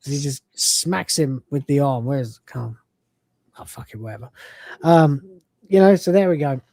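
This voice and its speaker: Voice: medium pitch, expressive, normal speed, warm tone, no room sound. A podcast host casually reviewing an episode, retelling scenes in a loose, chatty way with frequent laughs and swearing.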